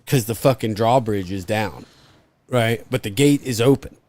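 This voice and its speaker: A man co-hosting a live podcast, telling stories in a profane, animated, casual way. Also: lowish voice, normal speed. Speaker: podcast co-host.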